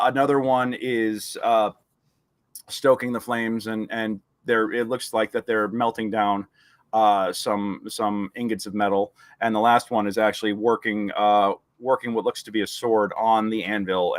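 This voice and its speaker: A man's voice: lowish voice, dry recording. A man narrating a tabletop game as game master, rambling and hesitant with many fillers.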